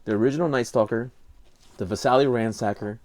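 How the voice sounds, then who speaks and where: A man's voice: medium pitch, fairly quick, a little mellow, a little hiss or hum. An older man with a Cajun accent, co-hosting a casual podcast and telling a rambling story full of fillers. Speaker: podcast co-host. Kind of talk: casual chat.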